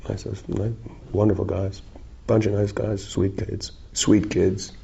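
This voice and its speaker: A man's voice: fairly low pitch, little pitch movement, takes it slowly, gravelly, muffled recording, background noise. A man in his forties from South Africa, chatting loosely in an interview, rambling, joking and swearing freely. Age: 40s. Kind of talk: casual interview chat.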